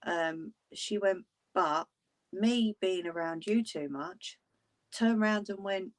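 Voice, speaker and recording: A woman's voice: lowish voice, takes it slowly. A woman chatting casually with livestream viewers, blunt and laughing often. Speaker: livestream host.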